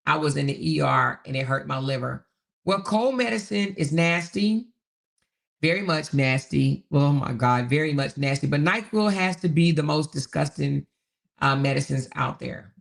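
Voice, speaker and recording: A woman's voice: low voice, lively intonation, normal speed, vocal fry. A woman hosting a casual livestream, reading viewer comments aloud in a chatty way, repeating herself and laughing often. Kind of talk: casual live chat.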